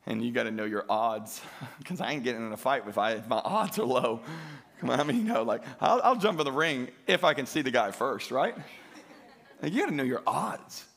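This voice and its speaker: A man's voice: medium pitch, animated, fairly quick, creaky, a bit bright. A man preaching a sermon to a church congregation, emphatic and driving, calling out for praise in call-and-response. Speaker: pastor. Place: church sanctuary.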